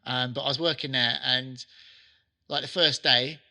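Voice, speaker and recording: Middle-aged man, soccer trainer guest, gravelly edge, very bright tone, lively anecdotes. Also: mid-range voice, measured pace. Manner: animated anecdotes, acts out quotes. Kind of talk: casual interview storytelling.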